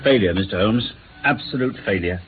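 An actor playing an earnest, frustrated police inspector in a radio drama, reporting in a plain, matter-of-fact way. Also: male voice, a little high, sing-song, moderate pace. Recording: tinny phone-like radio broadcast with faint hiss.

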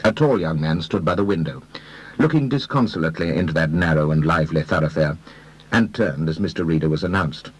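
A man narrating a classic detective story with dry, measured storytelling. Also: very deep voice, husky, rough recording. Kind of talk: audiobook narration.

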